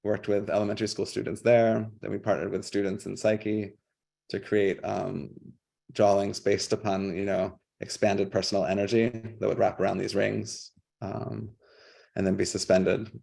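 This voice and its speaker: A man presenting his public art work on a video call, casual and halting, with many fillers and restarts. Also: fairly low pitch, level tone, creaky, darkish tone. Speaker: guest artist.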